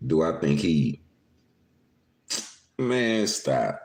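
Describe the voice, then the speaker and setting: A man's voice: extremely low pitch, sing-song, drawn-out words, darkish tone. A man hosting a casual livestream podcast from home, talking loosely and profanely with his viewers and laughing often. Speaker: podcast host talking to live chat. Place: indoors, at home.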